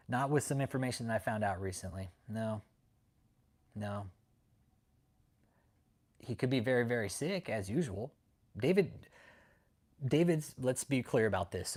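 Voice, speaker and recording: A man hosting a casual livestream, talking bluntly and profanely and greeting viewers in the chat. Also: fairly low pitch. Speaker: livestream host.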